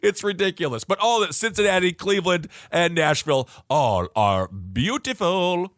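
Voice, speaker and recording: A man co-hosting a podcast in casual chat, upbeat and animated, laughing often. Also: high-pitched, normal speed, dry recording, studio quality. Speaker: podcast co-host.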